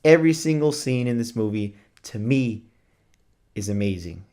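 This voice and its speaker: Male vlogger, mid-pitched, excitable, casual chatter full of fillers, drops the occasional swear. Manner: gushing, enthusiastic, talks fast with filler words. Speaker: movie reviewer. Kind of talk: casual movie review vlog.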